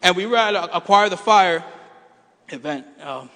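A man's voice: high-pitched, animated, normal speed, pushed and bright. A middle-aged male pastor preaching a sermon, telling a personal story with jokes to his congregation. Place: church hall. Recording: reverberant hall.

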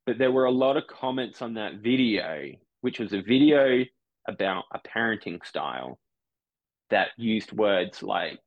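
A man talks loosely on a podcast, on the lower side of the male range. He circles and corrects himself as he thinks aloud. The close mic makes the sound dry and tight. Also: lively intonation, measured pace, dry recording, dull audio. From Brisbane, Australia. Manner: rambling, self-correcting, acts out online commenters. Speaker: podcast guest, comedian. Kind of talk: casual podcast chat.

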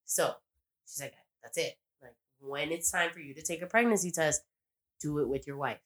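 A woman's voice: low-pitched, normal speed, a bit bright. A woman casually recapping a TV episode on a podcast, rambling, swearing freely and acting out the characters' lines. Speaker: podcast co-host.

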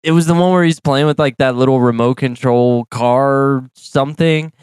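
A man's voice: mid-range voice, moderate pace, a little mellow, smooth, dry recording, studio quality. A man co-hosting a podcast in casual chat, teasing his friend and laughing easily. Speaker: podcast co-host.

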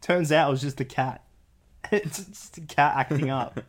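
A man co-hosts a podcast as the older brother, rambling casually through stories and saying "you know" and "like" a lot. His voice is fairly high-pitched, and he talks a little slowly.

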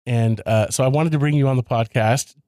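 A man hosting a podcast in casual chat, enthusiastic and quick to laugh. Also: medium pitch, mellow, no echo, studio quality. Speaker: podcast host.

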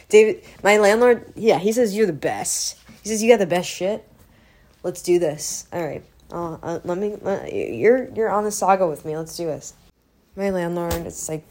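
Rambling, profane woman, lowish voice. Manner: rambling, profane, drops to whispers then gets loud. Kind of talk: casual vlog chat.

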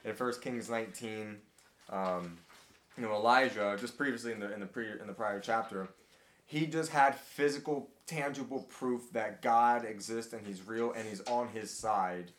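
A man leading a casual Bible study discussion, talking in a halting way with many fillers and restarts. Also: fairly low pitch, fairly bright tone, reverberant, slight background noise. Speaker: group study leader.

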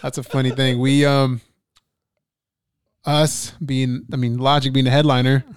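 A man's voice: mid-range voice, little pitch movement, unhurried, smooth, no room sound, studio quality. A young man hosting a podcast, chatting casually with his brother, laughing often and swearing freely. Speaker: podcast host. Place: studio.

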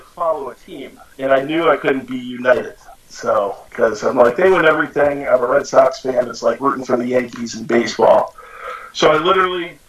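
A man's voice: mid-range voice, muffled recording. A man in his forties from the United States, a podcast guest chatting casually and quoting himself as he tells stories. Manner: relaxed storyteller, quotes himself often. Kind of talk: casual interview chat.

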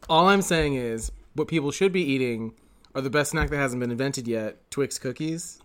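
A man's voice: medium pitch, moderate pace, clear, resonant tone. A man co-hosting a casual podcast, joking with mock-serious exaggeration. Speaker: podcast co-host. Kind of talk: casual chat.

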